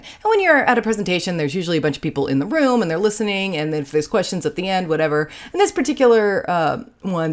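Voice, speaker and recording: Southern lady teaching a class, kinda low voice but bouncy, jokey, lots of uh and um. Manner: casual, joking, frequent fillers. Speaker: lecturer in forensic entomology. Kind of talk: recorded lecture with slides.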